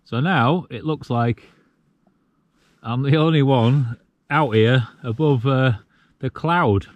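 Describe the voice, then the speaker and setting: A man in his forties from the UK chats casually to camera while camping alone on a cold mountain at night, in a relaxed, reflective way with the odd chuckle. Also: mid-range voice, slow, no echo, dull audio. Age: 40s. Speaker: solo wild camping vlogger.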